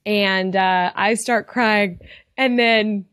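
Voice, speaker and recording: A woman's voice: medium pitch, steady tone, extremely slow, fairly bright tone, clear, resonant tone, no room sound. Woman, podcast host, earnest, encouraging, heartfelt, dry close sound. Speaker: podcast host and retail coach. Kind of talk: casual motivational podcast talk.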